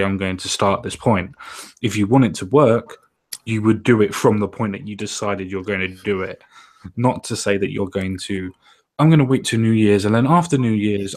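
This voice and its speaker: A man on a casual stream giving a blunt, emphatic opinion. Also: fairly low pitch. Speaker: stream co-host.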